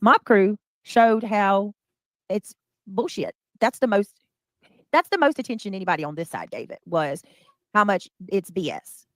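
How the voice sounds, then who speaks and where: A woman's voice: medium pitch, lively intonation, unhurried, fairly bright tone, dry recording. A woman hosting a casual commentary chat, talking bluntly with lots of slang and swearing. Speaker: host.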